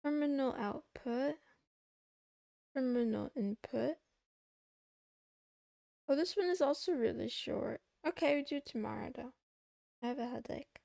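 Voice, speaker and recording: A woman's voice: high voice, a little slow, creaky, pauses often, darkish tone, dry recording, studio quality. A young woman streaming from her desk, chatting playfully with her chat while she works through coding tasks. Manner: playful, talks to chat while working, giggly. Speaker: VTuber streamer. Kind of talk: casual coding livestream chat.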